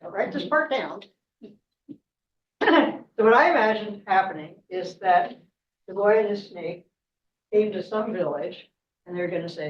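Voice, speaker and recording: In an echoey room, picked up dully by a far-off mic with a little hiss or hum, a woman guest speaker tells a club meeting a myth. Her mid-range voice has lively intonation; she's a little slow, pauses often, laughs frequently and keeps asking "right?".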